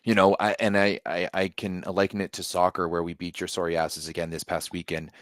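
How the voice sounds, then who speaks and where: Male podcast co-host, fairly low voice, dry sound, rambling, jokey and profane. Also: little pitch movement, brisk, no room sound. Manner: rambling, restarts often, joking and profane. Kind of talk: casual sports podcast chat.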